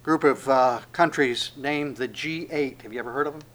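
A man preaching a sermon, swinging between loud proclamations and hushed asides and acting out the speech he quotes. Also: medium pitch, moderate pace.

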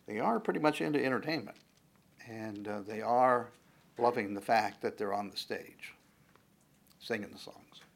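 A man's voice: mid-range voice, gravelly. A man preaching a conversational sermon, joking along the way, with frequent fillers and restarts.

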